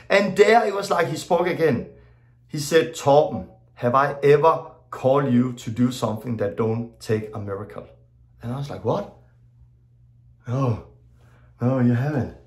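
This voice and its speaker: A middle-aged man giving an informal teaching talk as a preacher, telling stories and acting out his own exclamations in plain, loosely worded non-native English. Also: sits high. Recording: echoey room.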